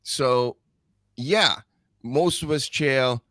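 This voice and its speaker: A man riffs as a podcast host, his talk blunt, rambling and laced with profanity. His voice sits at an ordinary middle pitch. The sound is dry and close, with no room around it. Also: drawn-out words, fairly bright tone, no room sound. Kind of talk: casual live-stream commentary.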